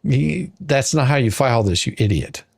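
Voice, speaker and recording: A man's voice: mid-range voice, animated, normal speed, vocal fry, husky, dry recording, clean studio sound. A man reading a court filing aloud and ranting at it, exasperated, sarcastic and insulting. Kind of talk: ranting commentary.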